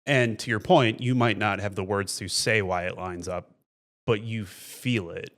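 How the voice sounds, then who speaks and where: An analytical man co-hosts a casual TV chat and teases his husband now and then. His voice sits on the low side. He wants proof for what he believes. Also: steady tone, unhurried, fairly bright tone. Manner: analytical, teasing. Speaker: podcast co-host.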